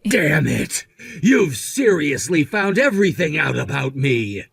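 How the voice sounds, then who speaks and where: A man's voice: fairly high pitch, big pitch swings, measured pace, gravelly, fairly bright tone, husky, no room sound, clean studio sound, heavily acted. A man voicing a desperate, defensive cheating husband who stammers in frantic outbursts. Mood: frustrated.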